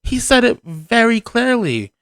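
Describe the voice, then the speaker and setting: A man giving sarcastic, animated commentary on a reality TV show in a casual vlog, with punchy emphasis on his points. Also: very high-pitched, a little slow, clean tone, no room sound, clean studio sound.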